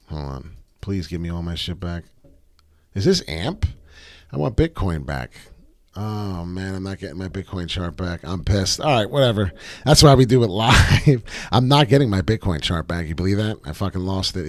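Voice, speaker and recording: Man, live chart-analysis stream host, brash and profane, low voice that swings widely, dry close sound. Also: dry recording. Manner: brash, profane, excitable, rambling. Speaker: crypto trading livestream host.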